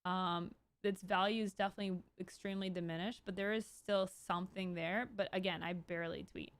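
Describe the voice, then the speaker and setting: A woman in her thirties streaming live, talking casually in a rambling, animated way with many restarts and bursts of exasperation. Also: lowish voice, a little fast, no room sound. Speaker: Twitch streamer hosting her own stream. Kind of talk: casual livestream commentary.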